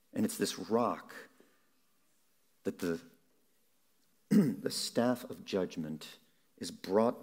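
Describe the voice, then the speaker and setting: Slow, low-voiced male preacher. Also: darkish tone. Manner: measured, slows down for emphasis. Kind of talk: sermon.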